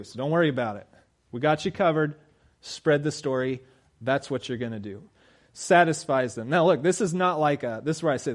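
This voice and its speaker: A man in his thirties preaches in a loose, chatty way, with a voice set somewhat high. He slips into little quoted voices for the people he describes. His delivery rises to strong, emphatic peaks as he presses his points. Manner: conversational, builds to emphatic peaks; acts out quoted voices of characters. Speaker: pastor. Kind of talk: sermon.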